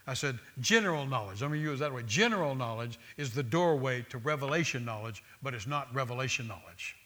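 A man's voice: mid-range voice, expressive, a little fast, pushed and bright. A man preaching a sermon, with an emphatic, repetitive cadence that builds through lists of phrases.

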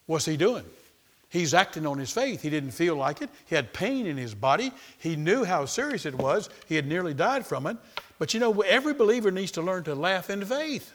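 Male preacher mid-sermon; emphatic, repetitive delivery, slightly high voice. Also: very animated, normal speed. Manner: emphatic, repetitive, calls to the congregation.

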